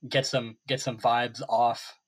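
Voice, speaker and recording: A man's voice: mid-range voice, little pitch movement, slow. A young man co-hosting a casual sports podcast, rambling with lots of fillers and restarts. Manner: rambling, full of likes and restarts. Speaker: podcast co-host. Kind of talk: casual chat.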